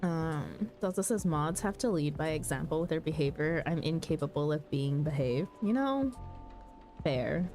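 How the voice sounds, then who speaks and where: A woman's voice: low voice, lively intonation, normal speed, warm tone, faint music behind. A woman streamer chatting casually and playfully, reading game dialogue aloud. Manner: giggly, playful.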